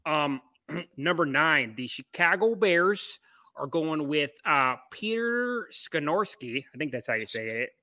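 A man's voice: a little high, expressive, unhurried, pushed and bright, dry recording. A man co-hosting a podcast, talking loosely through a football draft with lots of fillers and restarts. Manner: loose, rambling, many fillers. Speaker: podcast co-host. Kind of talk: casual sports podcast chat.

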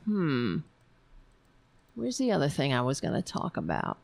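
A woman hosting a live stream, chatting casually in a rambling, halting way, reading viewer comments. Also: rumbling low, huge pitch swings, gravelly, darkish tone, no room sound. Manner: rambling, halting, laughs often, chatty with cats. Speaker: livestream host.

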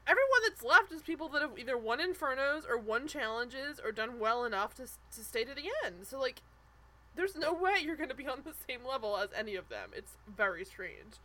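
A young woman co-hosting a podcast, chatting casually about a reality show, animated and full of "like" and quick restarts. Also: high-pitched. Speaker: podcast co-host.

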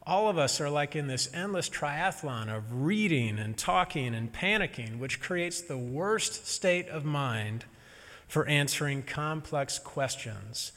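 A man preaching a sermon as a minister, gentle and reflective with touches of humor. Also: on the high side, expressive, measured pace, big-room sound.

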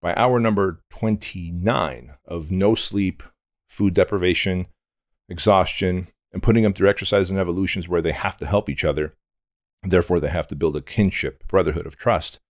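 A man's voice: low-pitched, normal speed, dry recording, studio quality. A middle-aged man from Armenia, a podcast guest telling his story in a blunt, intense, candid way with casual swearing.

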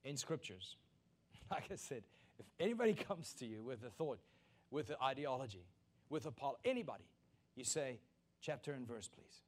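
A man preaching a sermon as pastor, emphatic and repeating key lines, building to loud peaks. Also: mid-range voice, sing-song, normal speed, long pauses.

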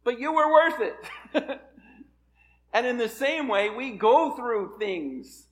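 A man's voice: very high voice, lively intonation, slow pace, long pauses. A man preaching a sermon as a pastor, earnest and building to emphatic peaks.

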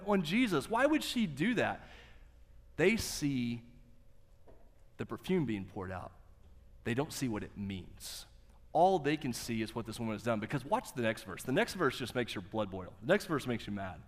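A middle-aged male pastor giving a sermon, conversational and animated, asking the listeners rhetorical questions. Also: fairly high pitch. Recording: long reverb of a large hall.

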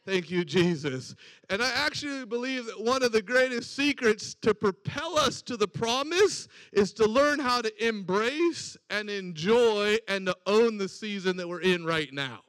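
A man's voice: high-pitched, expressive, unhurried, a bit bright, dry recording. A man preaching a sermon, telling a personal story and acting out the voices in it. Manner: storytelling with acted-out quoted dialogue.

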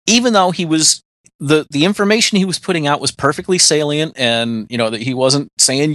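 A man's voice: fairly high pitch, fairly quick, a bit bright, no room sound. American man chatting on a podcast. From United States. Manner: talkative, laughs often. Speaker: podcast co-host. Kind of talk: casual chat.

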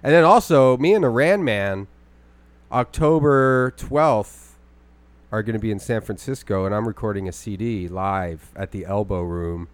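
A young man co-hosting a podcast, chatting casually in a rambling, animated way. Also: a little slow, clean tone, dry recording. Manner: rambling, animated, mimics his grandma in a high voice. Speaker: podcast co-host and stand-up comic.

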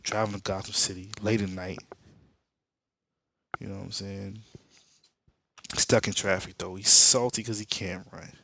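Deep gravelly man recapping comics. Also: bright, forceful tone, dry recording. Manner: slangy, laid-back storytelling. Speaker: podcast host. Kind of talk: casual comic-book recap.

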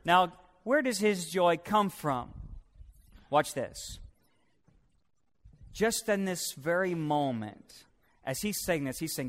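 High-voiced pastor preaching hard then going quiet, big church reverb. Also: male voice, a little slow. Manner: impassioned, swings from loud preaching to hushed, calls on the congregation to repeat. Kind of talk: sermon. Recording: long reverb of a large hall.

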